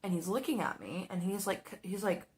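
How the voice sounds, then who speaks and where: While applying makeup, a young woman chats about something that happened at the restaurant where she works. She's lively and profane, mimicking the people in the story with over-the-top voices, and she speaks at a medium pitch and a moderate pace.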